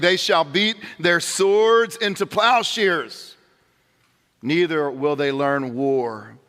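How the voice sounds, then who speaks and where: A man delivers a sermon as pastor in a large church sanctuary, speaking earnestly to the congregation and often restarting his words. His voice sits high and bright. Long reverb from the hall trails behind every phrase. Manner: earnest preaching with restarts and direct address.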